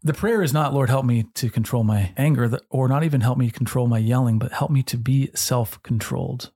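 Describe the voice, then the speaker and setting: A man co-hosting a casual faith podcast, calmly arguing his point and pushing back. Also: medium pitch, slightly rough. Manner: measured, argumentative pushback. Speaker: podcast co-host.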